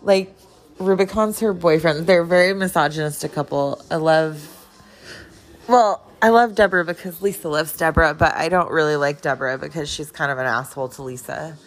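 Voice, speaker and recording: A woman's voice: low voice, a little fast. A woman hosting a casual chat, rambling and profane.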